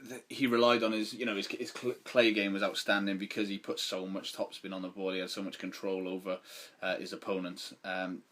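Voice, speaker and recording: A man's voice: low voice, level tone, a little fast, hardly any pauses, fairly bright tone. A man co-hosting a casual sports chat podcast, talking in a rambling way with many restarts. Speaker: podcast co-host.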